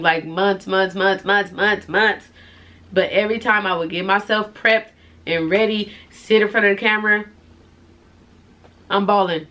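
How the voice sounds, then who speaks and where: A young woman vlogger, speaking softly and informally in an emotional confessional vlog, tearful at times. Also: mid-range voice, fairly even intonation, unhurried, muffled recording. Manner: soft-spoken, heartfelt, informal slang.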